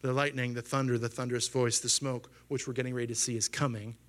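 Man, thirties, pastor, animated sermon, mid-range voice, acts out quoted voices, asks the congregation questions. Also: medium pitch, quick pace. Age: 30s.

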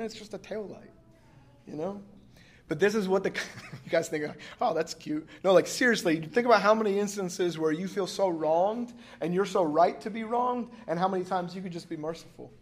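Easygoing pastor, slightly high voice, rambling storyteller who laughs between lines. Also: male voice, fairly quick. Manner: conversational, laughing often, lots of filler "like". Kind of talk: casual sermon with storytelling.

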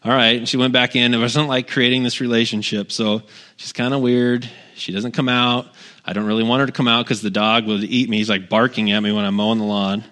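A middle-aged pastor giving a casual, conversational sermon, telling personal stories with wry humor and lots of asides. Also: male voice, medium pitch, little pitch movement, a little fast, pushed and bright.

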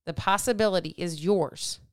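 Woman, podcast host, motivational monologue, repetitive questions, smooth voice, dry room. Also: on the low side, moderate pace, no echo. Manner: repetitive rhetorical questions, fired up. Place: small dark office.

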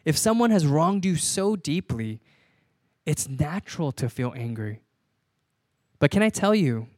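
Pastor, man in his thirties, easygoing sermon delivery with repeated key lines, slightly high voice, dry sound. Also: a little mellow, dry recording.

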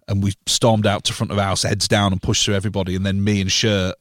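A man's voice: fairly low pitch, flat delivery, fast, fairly bright tone, no echo. A man, a guest sound engineer in a studio, telling stories bluntly and emphatically in casual chat. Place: recording studio.

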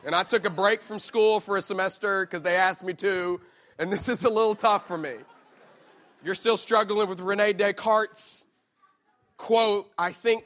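High-voiced joking pastor. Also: male voice, fairly bright tone. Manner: playful, joking preacher who talks straight to the crowd. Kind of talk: sermon.

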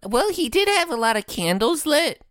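A woman's voice: sits high, big pitch swings, moderate pace, fairly bright tone, no room sound, studio quality. A woman playing a tabletop game, teasing her fellow players in a matter-of-fact way. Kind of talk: in-character banter at a tabletop game.

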